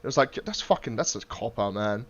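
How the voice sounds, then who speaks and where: A man's voice: on the low side, lively intonation, fairly quick. A man hosting a podcast in casual chat; he swears freely and acts out quotes. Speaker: podcast host. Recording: muffled lo-fi podcast audio.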